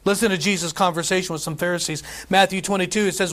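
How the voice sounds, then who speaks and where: A man preaching a sermon as pastor, reading scripture with emphasis and breaking off into quick asides and stories. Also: high voice. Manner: animated preaching, scripture read aloud with emphasis, asides and laughs.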